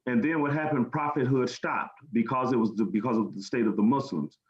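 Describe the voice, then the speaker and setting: A man's voice: medium pitch, brisk. Earnest American man in a roomy room. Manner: plain-spoken, earnest, repeats words when searching. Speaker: guest speaker. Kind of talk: storytelling interview answers. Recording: roomy, dull lo-fi sound.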